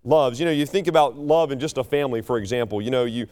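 A man, preaching a sermon that moves between soaring exhortation and low, chatty family stories. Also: fast talker, a little mellow. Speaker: pastor.

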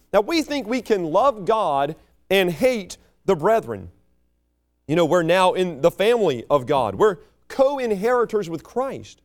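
A man, preaching a sermon that moves between soaring exhortation and low, chatty family stories. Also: darkish tone. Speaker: pastor.

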